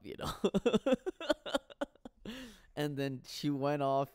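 A man's voice: fairly high pitch, lively intonation, very slow, darkish tone, smooth, no echo, studio quality. Rambling, profane man. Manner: rambling, profane, laughs often. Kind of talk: casual solo monologue.

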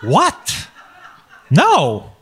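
A man's voice: high voice, wildly swooping pitch, drawn-out words, fairly bright tone, slightly rough, heavily acted. Give me a hesitant, nervous vice president, as a man plays him. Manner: hesitant, fumbling, rising in surprise. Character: nervous male vice president confessing to his boss. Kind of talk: reading a comedy sketch script.

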